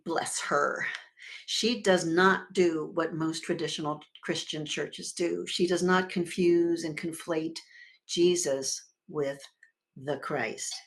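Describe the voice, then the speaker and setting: A woman minister giving a sermon in a conversational, expressive way, swelling and dropping her volume and leading the congregation in repeating words together. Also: lowish voice. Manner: expressive with sudden swells and drops in loudness.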